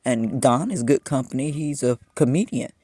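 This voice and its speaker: A man's voice: mid-range voice, animated, normal speed, warm tone, no echo, clean studio sound. A man in his fifties talking to the camera in a personal monologue, venting his frustration as he tells a story. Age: 50s.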